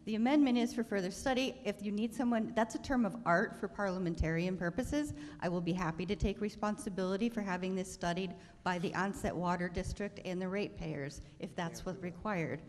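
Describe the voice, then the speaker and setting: A woman's voice: medium pitch, a little fast, few pauses. A woman speaking from the floor of a town meeting, insistent and arguing her point. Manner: insistent, argues back. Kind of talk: public comment at a town meeting. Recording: echoey hall, faint room noise.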